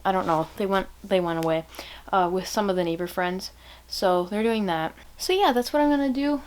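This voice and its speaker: A woman's voice: mid-range voice, fairly quick, clear, resonant tone. A young woman chatting casually in a reading vlog, rambling and gushing with lots of fillers. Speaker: vlogger.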